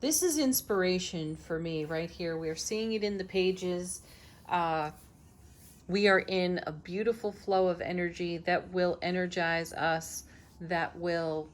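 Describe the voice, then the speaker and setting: A woman host giving a daily tarot reading, speaking in a slow, soothing and affirming way, with soft laughs between cards. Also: lowish voice. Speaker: tarot reader, channel host.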